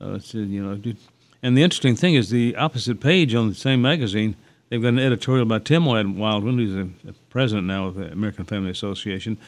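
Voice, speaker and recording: A man's voice: on the low side, fast. A man co-hosting a radio talk show, chatting casually and rambling with fillers and restarts. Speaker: radio host.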